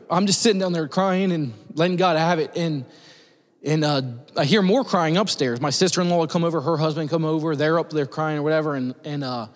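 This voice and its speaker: A man, a pastor, telling a personal story in a sermon, halting and restarting with many fillers. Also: fairly high pitch. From United States. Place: church sanctuary. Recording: long hall reverb.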